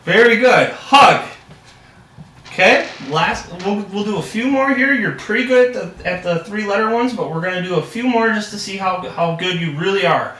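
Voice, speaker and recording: A young man acts as a reading tutor, upbeat and full of praise. His voice is high and bright. The sound is roomy and captured from a distance. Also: a little fast, hardly any pauses. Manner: upbeat and encouraging, heavy praise. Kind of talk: practice lesson role-play. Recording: echoey room, distant mic.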